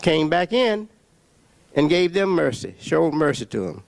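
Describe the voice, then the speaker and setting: Slow gravelly man preaching. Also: a little high, very animated, no room sound. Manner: emphatic with long pauses and repetitions. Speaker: religious speaker. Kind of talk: preaching religious lecture.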